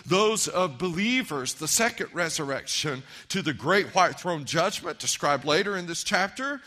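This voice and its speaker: Pastor guy preaching, bright clear voice, a bit high, earnest and punchy then goes soft. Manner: earnest preaching, rising to emphatic then dropping quiet and intimate. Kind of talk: sermon.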